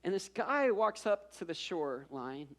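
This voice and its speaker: Male pastor, sermon, conversational storytelling, slightly high voice, repeats words. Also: big pitch swings, unhurried, a bit bright. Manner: conversational storytelling with self-deprecating asides; repeats words when building up.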